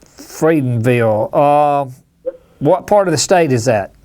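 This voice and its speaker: A man's voice: mid-range voice, lively intonation, takes it slowly, darkish tone. A man from Alabama, hosting a hunting call-in show in a folksy, rambling way. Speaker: radio show host. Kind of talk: casual call-in chat.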